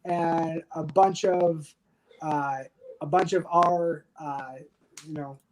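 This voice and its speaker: A man's voice: on the high side, steady tone, slow pace, rough recording. Profane, darkly funny male storyteller. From United States. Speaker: podcast guest, army veteran. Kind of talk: casual storytelling interview.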